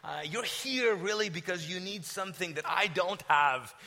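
A male pastor with a high voice and a strikingly bright, forceful tone. He preaches with lively, self-mocking humor and animated storytelling. He also leads his congregation in prayer. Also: normal speed. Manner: energetic, joking, self-deprecating. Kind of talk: sermon and prayer.

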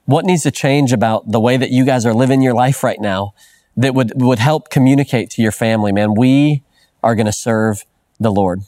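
A man's voice: mid-range voice, moderate pace, warm tone, no echo, studio quality. A middle-aged man preaching a sermon in an earnest, conversational way, often restarting phrases and adding "man" as a filler. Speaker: pastor.

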